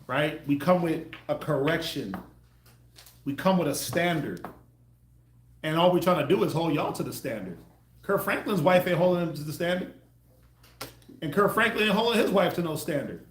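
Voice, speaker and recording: A man preaching to a group, acting out the voices he quotes with sudden loud bursts. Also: on the high side, lively intonation, moderate pace, pauses often, reverberant, slight background noise. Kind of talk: street sermon teaching.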